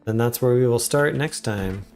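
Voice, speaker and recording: A man giving relaxed, chatty commentary while live streaming a game. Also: mid-range voice, normal speed, soft background music. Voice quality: relaxed, chatty, laughs often.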